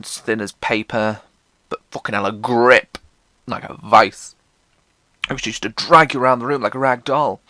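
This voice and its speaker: Bright and forceful, a man hosting a podcast recounts comic episodes from his life, mocking himself, cursing freely and playing out quoted lines with jumpy pitch. There's no room sound.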